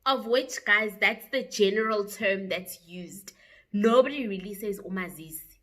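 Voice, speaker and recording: A young South African woman telling a story to her viewers in a chatty, animated way, with frequent asides. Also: medium pitch, measured pace. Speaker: YouTuber. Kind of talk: casual storytime vlog.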